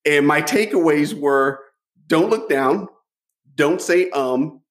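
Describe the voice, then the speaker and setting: A middle-aged man telling stories from his life as a podcast guest, animated, often repeating a word as he starts a thought. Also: on the high side, slow. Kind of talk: storytelling interview.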